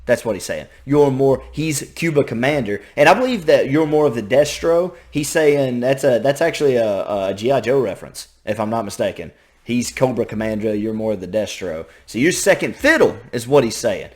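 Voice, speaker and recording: Southern US man, reaction host, lively up-and-down delivery, casual and chatty. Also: medium pitch, moderate pace. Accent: Southern American. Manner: animated, repeats himself, thinks out loud.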